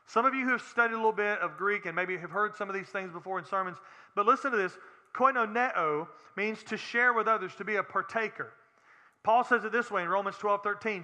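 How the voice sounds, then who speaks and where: A man's voice: high-pitched, bright, forceful tone, in a large hall. A man preaching a sermon as pastor, earnest and plain-spoken, asking the congregation direct questions.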